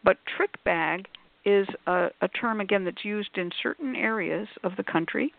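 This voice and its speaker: A woman's voice: medium pitch, moderate pace, creaky, no echo. A woman author on a call-in radio panel, explaining at length in a discursive, scholarly way with many asides. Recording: tinny phone-like line.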